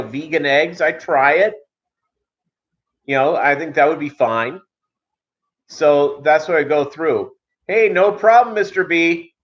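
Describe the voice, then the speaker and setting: A man's voice: mid-range voice, a bit bright. Male channel host, rambling casual chat, lots of fillers, muffled recording. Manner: rambling, halting, many fillers and restarts. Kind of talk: casual live-stream chat. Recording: dull lo-fi audio.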